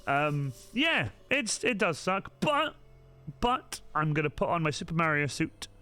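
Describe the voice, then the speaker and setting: A man's voice: on the high side, very animated, a little slow, bright, forceful tone, clean tone. A man chatting casually to viewers on a live stream, hesitant and rambling, full of restarts and ums.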